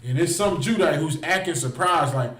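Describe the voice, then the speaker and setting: A man's voice: a little high, normal speed, a bit bright, roomy sound. A man preaching in heated street style, firing rhetorical questions and stretching out "man". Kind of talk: impassioned religious street talk.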